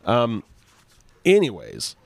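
A man's voice: medium pitch, huge pitch swings, takes it slowly, vocal fry, dry recording. A man co-hosting a podcast from home over the internet, just woken up and rambling as he hunts for words in casual chat. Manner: rambling, sleepy, searching for words. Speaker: podcast co-host and guitar effects artist. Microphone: joining over the internet.

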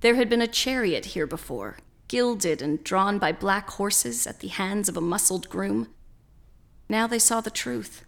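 Woman reading a dark fairy tale, real slow, a bit of vocal fry. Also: mid-range voice, expressive. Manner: slow, measured storytelling. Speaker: storyteller. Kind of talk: scripted story narration.

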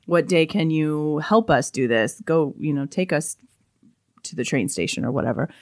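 A woman chatting casually as a podcast co-host, animated and swearing freely, recounting a trip. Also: low voice, moderate pace. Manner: animated, swears freely, mimics accents in quotes. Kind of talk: casual chat.

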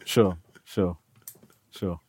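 A man's voice: deep voice, steady tone, very slow, darkish tone, breathy edge, dry recording. A man co-hosting a podcast in a casual chat, teasing and skeptical, often stumbling over restarts. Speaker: podcast co-host.

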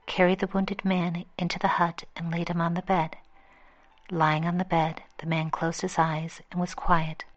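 A woman's voice: lowish voice, dull audio. A woman steadily reading a fable aloud as its storyteller.

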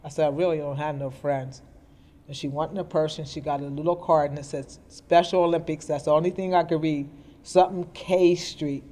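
Her voice is low-pitched and warm, steady in tone and quick in pace. A middle-aged woman recounts her life story earnestly and plainspokenly as a guest in an indoor interview recorded on a podcast mic.

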